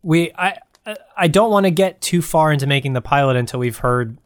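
A man's voice: on the high side, lively intonation, brisk. Laughing man riffing on podcast ideas. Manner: laughs often, trails off mid-sentence. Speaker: podcast co-host. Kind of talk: casual brainstorming chat.

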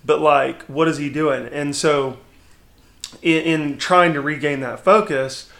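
A man in his thirties talking as a podcast guest, his voice bright and fairly high. He tells his story candidly and with energy, often restarting his sentences. The delivery is a relaxed, casual conversation. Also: slow pace, creaky. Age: 30s.

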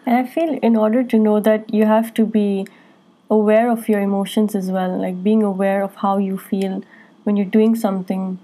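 A woman co-hosting a podcast in casual chat, talking in a relaxed, chatty way. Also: medium pitch, normal speed. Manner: chatty, laughs often. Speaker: podcast co-host.

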